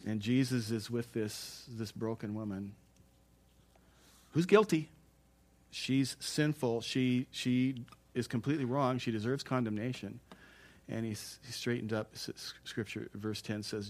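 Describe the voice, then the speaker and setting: A middle-aged man, a pastor giving a sermon, telling stories in an animated way and chuckling between points. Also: medium pitch, unhurried. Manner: animated storytelling, chuckling and exclaiming.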